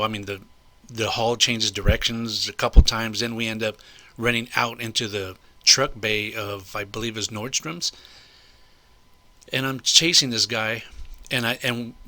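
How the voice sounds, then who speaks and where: Older man, low voice, sharp and forceful, rambling indignant storytelling. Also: no echo. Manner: rambling and indignant, with repeated asides. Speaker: vlogger recounting a personal incident. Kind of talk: casual spoken storytelling.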